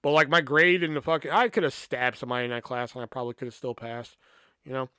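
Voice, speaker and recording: A man's voice: mid-range voice, fairly even intonation, fast, pushed and bright, clean tone, dry recording, clean studio sound. A man hosting a podcast, telling a long, rambling story from his school days with lots of swearing and filler words. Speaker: podcast host. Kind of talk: casual storytelling.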